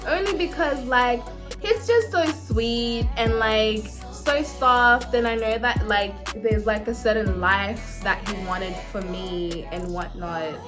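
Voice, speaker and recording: A woman's voice: fairly high pitch, slow pace, music in the background. A young woman from Africa telling a personal story in a chatty storytime vlog, full of fillers and asides. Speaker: vlogger. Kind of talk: casual storytime.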